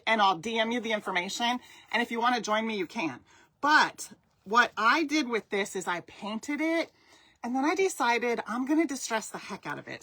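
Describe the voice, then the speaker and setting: Middle-aged woman, craft instructor on a live stream, chatty and upbeat, mid-pitched voice, talks straight to her viewers. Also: fairly bright tone, no echo. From Southern California. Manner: chatty, enthusiastic, addresses viewers directly.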